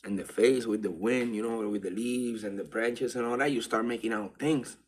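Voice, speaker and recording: A man casually telling a personal story in loose street slang, dropping to a hush and then rising with excitement. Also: lowish voice, moderate pace, slight background noise. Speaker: vlogger. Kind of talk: casual spiritual storytelling monologue.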